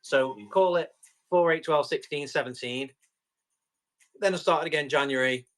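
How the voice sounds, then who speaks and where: A man with a slightly high, fairly bright voice talks at normal speed as he hosts a live tool sale. In casual auction chatter, he answers viewer comments and describes each item while testing it.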